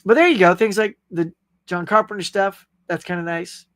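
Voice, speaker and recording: A man's voice: sits high, normal speed, fairly bright tone, no echo. A man hosting a casual live chat show, rambling in a friendly, talkative way as he answers viewer comments. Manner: rambling, chatty, friendly, with frequent fillers and laughs. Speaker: host.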